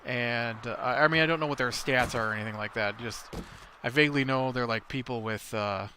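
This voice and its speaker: A man's voice: medium pitch, a little fast, pushed and bright. A man hosting a let's play, talking casually over his gameplay and rambling with lots of filler words. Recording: clear background noise.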